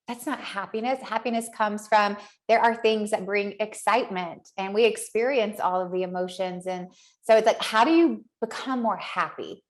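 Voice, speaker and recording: A woman hosting a podcast, recapping an interview in an upbeat, encouraging, chatty way. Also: mid-range voice. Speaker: podcast host.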